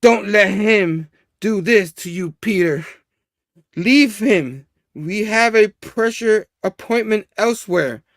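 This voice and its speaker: A man's voice: high-pitched, slow pace, fairly bright tone, dry recording, clean studio sound, pitched above the performer's own voice, exaggerated voice. A man voicing a beaten-down male villain who whimpers and pleads. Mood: pleading.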